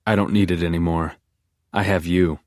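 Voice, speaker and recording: A man's voice: low-pitched, fairly even intonation, normal speed, a little mellow, dry recording, studio quality. A man reading a first-person audiobook with an intense, obsessive inner monologue. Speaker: audiobook narrator.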